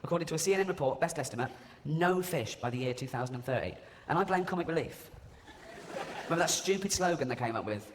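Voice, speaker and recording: A comedian on stage, his voice lively and rather high as he mocks and swears his way through his set. Long hall reverb carries his words, and a loud crowd hums under everything. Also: fast talker, slight background noise. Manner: mocking, swearing, mimics people. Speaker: stand-up comedian. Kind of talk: live stand-up comedy. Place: large live venue before an audience. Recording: echoey arena with loud crowd ambience.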